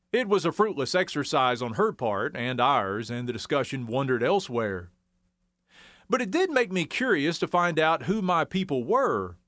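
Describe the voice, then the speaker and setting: A man's voice: mid-range voice, fairly bright tone, no room sound. A man from the Ozarks, giving wry, folksy scripted documentary narration. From Arkansas Ozarks.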